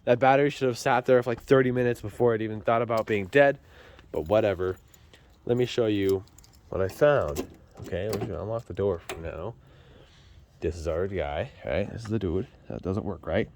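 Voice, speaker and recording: Filming himself with a handheld phone while he works on a car in his garage, a man rambles in a chatty, self-deprecating way. His voice is on the low side and darkish, moderately paced, with slight background noise.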